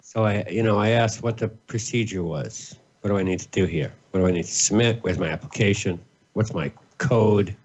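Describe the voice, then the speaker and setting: A man's voice: on the low side, moderate pace, darkish tone, highs cut off, a little hiss or hum. A man co-hosting a livestream over a video call, telling stories in an offhand, wry way. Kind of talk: casual livestream chat.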